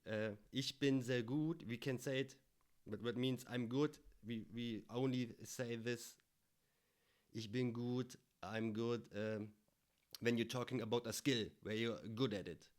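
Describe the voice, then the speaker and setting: A German man with a German accent hosts a reaction video, talking slowly and deliberately. He explains words in casual commentary, pausing often with hesitant fillers. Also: medium pitch, steady tone.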